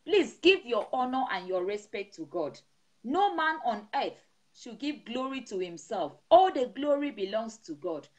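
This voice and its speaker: A woman's voice: a little high, big pitch swings, measured pace, darkish tone. Woman pastor chanting repetitive blessings. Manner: emphatic, repetitive blessing cadence. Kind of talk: sermon blessing over an online broadcast. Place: seated indoors.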